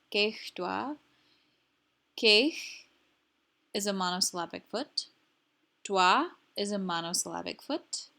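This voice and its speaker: A woman teaching a language lesson, explaining syllables slowly and repeating each example word carefully for learners. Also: mid-range voice, a bit bright. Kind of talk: slow instructional explanation.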